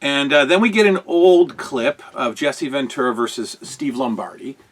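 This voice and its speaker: A male show host reviews old wrestling broadcasts, chatting casually and rambling with plenty of fillers and amused asides, often chuckling. His voice is medium in pitch and his speed is normal.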